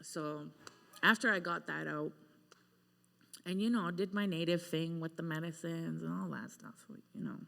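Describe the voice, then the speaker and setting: Gravelly-voiced woman telling stories on stage. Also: low-pitched, normal speed. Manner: chatty, self-mocking, animated. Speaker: singer-songwriter. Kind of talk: casual storytelling between songs on stage. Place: concert hall stage before a live audience. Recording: long reverb of a large hall.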